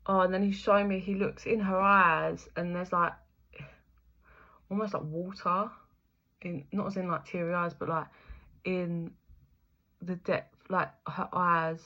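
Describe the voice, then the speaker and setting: A young woman talks through an intuitive spiritual reading in a loose, chatty way, with plenty of fillers and laughter. Her voice sits fairly low but has a bright, forward edge. The recording is dull and lo-fi. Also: flat delivery, a little slow, long pauses. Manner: chatty, many fillers, swears, laughs often. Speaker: intuitive reader.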